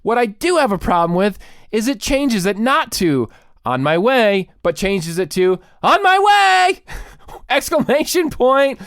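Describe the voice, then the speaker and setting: A man's voice: high voice, sing-song, a little slow, smooth, dry recording, clean studio sound. A man hosting a podcast, delivering a comic rant with exaggerated mock panic. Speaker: podcast host.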